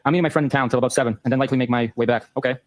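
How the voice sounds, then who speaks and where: A man hosting a show, reading a long exchange of text messages aloud in a brisk, matter-of-fact way. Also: mid-range voice, steady tone, no room sound. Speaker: host.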